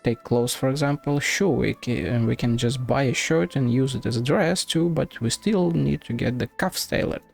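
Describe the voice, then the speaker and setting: A man's voice: medium pitch, normal speed, gravelly, few pauses, faint music behind. A man reading aloud the lines of a small, polite female Melusine creature in a game. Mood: earnest.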